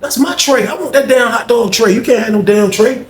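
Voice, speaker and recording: Man voicing a loud, bossy inmate bully. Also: very high-pitched, brisk, reverberant, slight background noise, pitched above the performer's own voice. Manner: cursing, barking orders.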